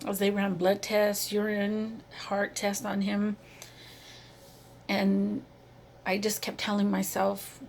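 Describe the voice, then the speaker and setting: A middle-aged woman, a mother, telling her own story in a slow, halting and emotional way, with many pauses and repeated phrases. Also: mid-range voice, slight background noise. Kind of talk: personal testimony to camera.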